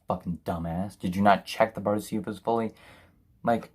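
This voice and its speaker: Husky, sarcastic, ranting male film reviewer. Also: on the low side, steady tone, fairly quick, darkish tone. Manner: sarcastic, profane, exasperated ranting.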